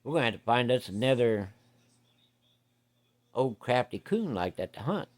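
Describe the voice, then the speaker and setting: A man's voice: medium pitch, sing-song, moderate pace, close to an everyday voice. A man voicing a joking hunting buddy, speaking mock-solemnly.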